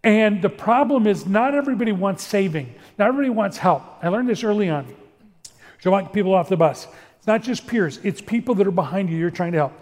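High-voiced middle-aged male pastor in a reverberant hall. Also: fast talker. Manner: earnest, animated, acts out quoted dialogue. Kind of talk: sermon-style talk with storytelling. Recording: long reverb of a large room.

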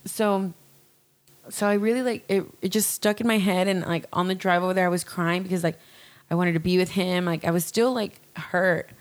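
A young woman talks casually with a slightly low voice. She tells her story in a rambling, candid way, full of fillers and restarts. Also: fairly even intonation, normal speed. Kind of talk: casual chat.

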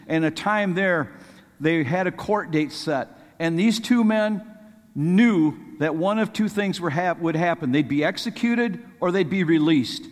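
A high-pitched man delivers an earnest sermon, his voice climbing into fervent pleading whenever he reads from scripture. The sound carries a long echo, as if it were recorded in a large hall. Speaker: preacher.

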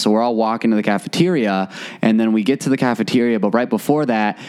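Male podcast host, animated storyteller, slips into voices for the people in his story. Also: fairly low pitch, fairly quick, clean tone. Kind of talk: casual storytelling chat.

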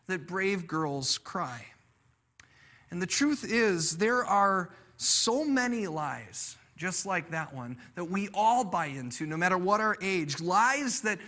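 Bright-voiced earnest male preacher. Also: high voice. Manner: earnest storytelling, acts out quoted voices. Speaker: pastor. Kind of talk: sermon.

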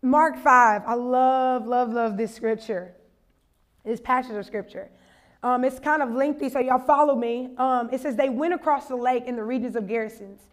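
A woman's voice: fairly high pitch, moderate pace. A young woman preaching a sermon at a conference, casual and funny at first, then building to a fervent call to her listeners. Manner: conversational, humorous, building to impassioned exhortation. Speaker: conference speaker.

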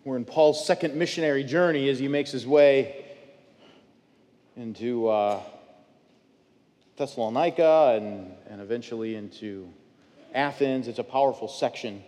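A man's voice: medium pitch, measured pace, pauses often, darkish tone. Man preaching in an echoey church. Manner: conversational storytelling with frequent fillers. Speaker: pastor. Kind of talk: sermon. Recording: long church hall reverb.

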